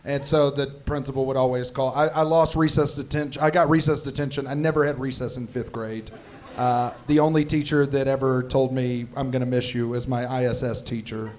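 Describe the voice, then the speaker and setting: A man's voice: medium pitch, steady tone, a little fast, darkish tone. A man hosting a comedy Q&A, telling loose, jokey stories and laughing often in a casual chat. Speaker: comedy tour host, teacher.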